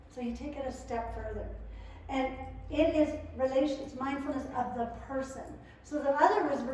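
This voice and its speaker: A woman presenting to a live audience in a lively, conversational way, acting out quotes as she goes. Her voice sits a touch high. She is caught from a distance in a very echoey room with a faint hiss behind her. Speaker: family skills workshop presenter. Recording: echoey room, mic far off.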